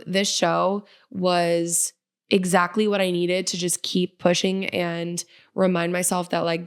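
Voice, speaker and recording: A woman's voice: lowish voice, clear, resonant tone. Upbeat young woman hosting a podcast. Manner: upbeat, gushing, earnest motivational. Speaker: podcast host, independent musician. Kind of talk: casual solo podcast talk. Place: Nashville.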